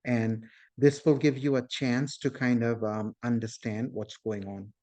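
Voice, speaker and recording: A man's voice: medium pitch, level tone, measured pace, dark tone. A man teaching a math class, explaining step by step and often checking in with his students. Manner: addresses the class as "guys", invites questions. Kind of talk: classroom lecture.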